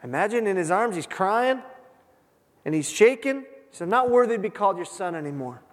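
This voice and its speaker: A man preaching a sermon, retelling a scripture story with dramatic pauses and emphasis. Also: high voice, animated. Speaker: pastor. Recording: long hall reverb.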